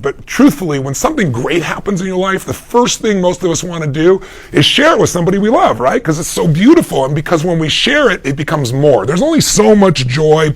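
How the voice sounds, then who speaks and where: Gravelly middle-aged guy, life coach doing live q&a, punchy storytelling, slightly high voice. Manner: emphatic storytelling, acts out quoted voices. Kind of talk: live Q&A advice talk.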